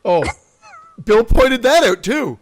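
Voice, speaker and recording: A man's voice: very high voice, very animated, takes it slowly. A man co-hosting a podcast in casual chat, laughing a lot and swearing freely. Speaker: podcast co-host.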